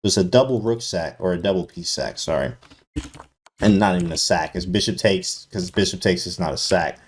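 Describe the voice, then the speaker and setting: A man's voice: sits low, brisk, slightly rough. A man streaming live chess commentary, slangy and hyped, talking straight to his chat.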